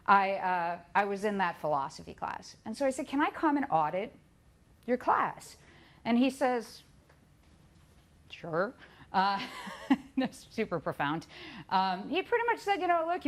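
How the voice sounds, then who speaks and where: A middle-aged woman giving a talk, telling her own story with lively asides and acted-out quotes. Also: medium pitch. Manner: lively storytelling, acts out quoted voices, laughs at herself. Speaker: conference speaker.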